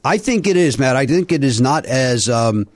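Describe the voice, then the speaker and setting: A man's voice: medium pitch, expressive, moderate pace, no room sound. A middle-aged man hosting a comedy podcast, rambling and joking with many fillers in casual banter. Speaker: podcast host. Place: podcast studio.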